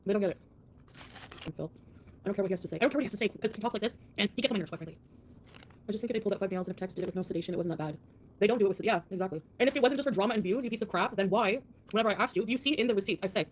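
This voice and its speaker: Woman, livestream rant, defiant and mocking, rapid-fire delivery. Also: mid-range voice, a little hiss or hum.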